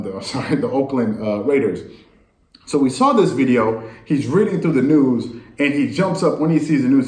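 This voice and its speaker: A man's voice: mid-range voice, a little mellow. Guy ranting about football news to his viewers, keeps asking what the heck is going on, kinda echoey room. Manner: rambling, incredulous, addresses viewers directly. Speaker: sports commentator. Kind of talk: casual sports talk monologue.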